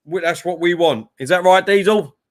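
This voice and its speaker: A man with an East London accent hosts a football watchalong and reads viewers' chat messages aloud. He talks in a friendly, easy way, and his voice sits a little high for a man. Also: normal speed. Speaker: stream host.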